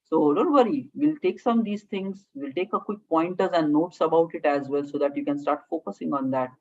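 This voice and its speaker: A woman with an Indian English accent gives a classroom lecture as a communication trainer. Her voice sits fairly low, and she breaks her points into short phrases punctuated by "okay?". The recording sounds dull and lo-fi. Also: a little fast, a little mellow. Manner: talks in short phrases with frequent "okay?" check-ins, mixes Hindi into English.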